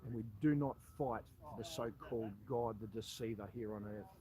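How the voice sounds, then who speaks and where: A man's voice: on the low side, moderate pace, warm tone, poor audio. A man with an Australian accent, a former army soldier, making a direct-to-camera appeal that confronts the listener and keeps calling him "mate".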